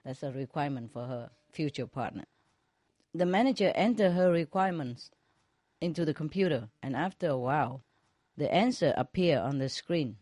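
A woman, a spiritual teacher, telling jokes to a group in a slow, chuckling way, often checking whether her listeners follow. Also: deep voice, animated, a little mellow, no room sound, clean studio sound.

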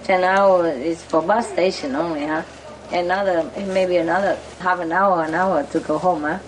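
A woman's voice: fairly low pitch, fairly even intonation, normal speed, rough recording. A woman coaxing a pet bird in a sing-song voice, then chatting casually with a visitor. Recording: loud crowd and background noise.

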